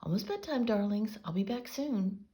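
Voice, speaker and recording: A woman's voice: medium pitch, animated, normal speed, warm tone, voice pushed up, close to an everyday voice. A woman voicing a fussy grandmother who frets and dotes on her grandsons. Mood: fretful. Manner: fretful, doting.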